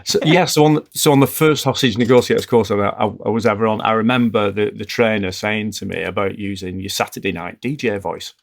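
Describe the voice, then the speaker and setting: Man, podcast guest, gravelly, lowish voice, smooth calm tone, measured delivery. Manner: measured, deliberate delivery with frequent restarts. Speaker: podcast guest, former hostage negotiator. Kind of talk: conversational interview storytelling.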